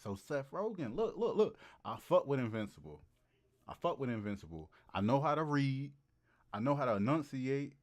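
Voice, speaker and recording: A man livestreaming and riffing comically to his chat, animated and hyped, repeating lines for laughs. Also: mid-range voice, normal speed. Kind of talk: casual comedic riffing to a live chat.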